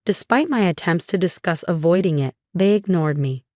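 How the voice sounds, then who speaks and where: At a normal speed, a woman tells a first-person family drama in a steady, even storytelling manner, her voice sitting a little low. The close recording is completely dry and has no echo.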